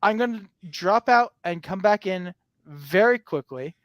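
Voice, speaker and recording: A man hosting a livestream over a remote call, talking in a quick, breezy way. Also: high-pitched, expressive, no room sound, lo-fi sound. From American Southwest. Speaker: channel host. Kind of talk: casual livestream chat.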